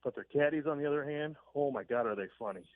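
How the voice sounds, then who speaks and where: A man's voice: a little high, fast talker, no echo. A man calling in to a radio show, telling a rambling, chuckling story full of fillers over the phone. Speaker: caller. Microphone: telephone. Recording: dry tinny phone line.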